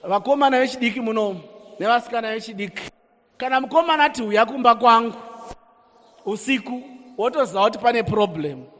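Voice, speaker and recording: A man with a Zimbabwean accent preaching a sermon, energetic and calling out to the congregation. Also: very high voice, fast. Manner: energetic, calls on the congregation, switches between languages. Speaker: pastor. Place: church hall. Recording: echoey church hall reverb.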